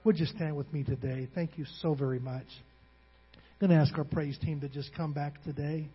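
Pastor guy preaching, husky highish voice, stumbles and repeats, long echo in the church. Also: fairly even intonation, normal speed. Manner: emotional, calls out to congregation, repeats words. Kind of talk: sermon. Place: church hall. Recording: dull recording in a reverberant hall.

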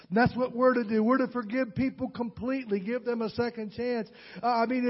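A man preaching a sermon, swinging between loud, rising calls and soft, low storytelling. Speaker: pastor. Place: large church hall. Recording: muffled sound with long hall reverb.

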